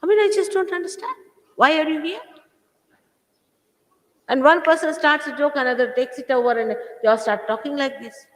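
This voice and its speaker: A woman's voice: sits high, normal speed, long pauses. Scolding woman in her sixties, echoey hall. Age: 60s. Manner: scolding, emphatic, full of rhetorical questions. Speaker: spiritual teacher. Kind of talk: spiritual talk to followers. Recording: echoey hall, old 1980s recording.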